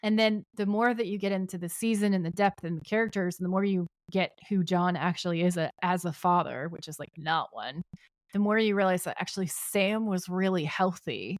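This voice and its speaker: A woman's voice: fairly low pitch, moderate pace, no room sound, studio quality. A woman co-hosting a podcast, recapping a TV episode in casual chat and retelling scenes at length. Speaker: podcast co-host.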